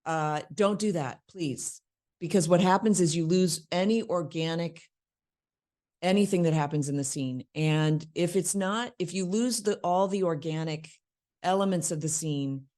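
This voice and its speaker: Low-voiced woman teaching acting. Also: measured pace, a little mellow. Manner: conversational, acts out lines mid-explanation. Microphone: worn microphone.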